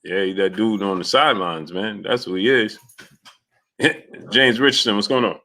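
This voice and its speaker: A man's voice: on the low side, normal speed, bright, forceful tone. A man hosting a boxing talk live stream, chatting casually and greeting viewers by name. He rambles loosely, with many fillers and restarts. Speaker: boxing talk show host.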